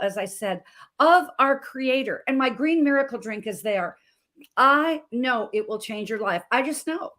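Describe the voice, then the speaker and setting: This woman's voice is high-pitched and a bit bright. She's in her thirties, a health coach from Montana, and as a talk show guest she tells an emotional personal story passionately, emphatically, repeating phrases.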